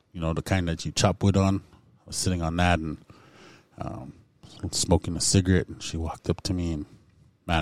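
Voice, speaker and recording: Deep-voiced man telling his recovery story. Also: a little mellow, dry recording. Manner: candid, conversational storytelling with many fillers. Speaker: speaker sharing recovery story.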